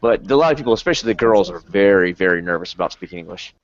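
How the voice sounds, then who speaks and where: A man's voice: sits low, animated, rapid-fire. American man chatting on a lo-fi video call. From United States. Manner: chatty, storytelling, laughs easily. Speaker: host. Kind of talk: casual group video chat.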